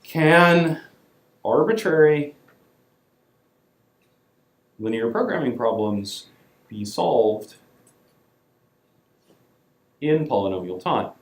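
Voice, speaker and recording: In a lecture hall, a man with a mid-range, expressive voice lectures slowly, pausing often, in a casual, wry style full of ums and leaned-on words. The recording is echoey, with his voice captured from afar.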